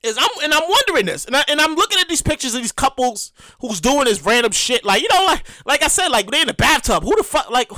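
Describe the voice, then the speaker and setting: A man's voice: extremely high pitch, fast, few pauses, no echo. A young man hosting a show, delivering a rambling, profane, comedic rant. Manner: rambling, repetitive, profane, excitable. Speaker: podcast host.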